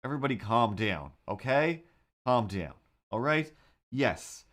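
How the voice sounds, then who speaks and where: A man hosting a casual livestream as a cartoonist, talking in a rambling, excitable way with lots of fillers. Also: fairly low pitch.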